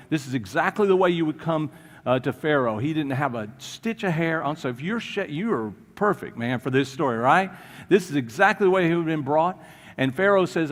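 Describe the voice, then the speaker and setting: Animated man preaching in a reverberant church. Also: fairly high pitch. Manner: animated storytelling, acting out quoted voices. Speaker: pastor. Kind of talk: sermon. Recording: long reverb of a church hall.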